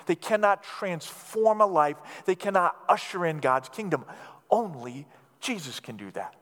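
A man preaching a sermon as pastor, his voice swinging between loud emphatic rises and quiet hushed drops. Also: sits high, expressive, measured pace. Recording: long hall reverb.

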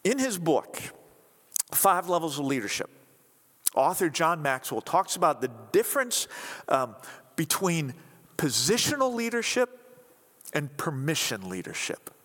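Animated man preaching in a hall. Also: fairly high pitch, a little slow, long pauses. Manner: animated, conversational, acts out quotes. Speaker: pastor. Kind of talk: sermon. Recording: reverberant hall.

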